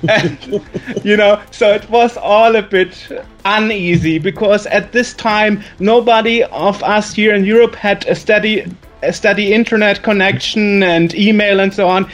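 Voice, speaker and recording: A man with a German accent speaks with a high voice as a guest. He reminisces in a chatty, storytelling way and stumbles over words now and then. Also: fairly even intonation, measured pace, a bit bright, soft background music. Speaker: guest, magazine editor. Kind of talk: casual reminiscing.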